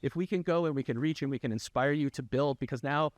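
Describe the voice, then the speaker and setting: A man's voice: a little high, quick pace, dry recording. A man who is a developer educator, guest on a tech podcast, chatting casually and enthusiastically and often tagging his points with "right?". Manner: animated, many restarts and "right?" tags.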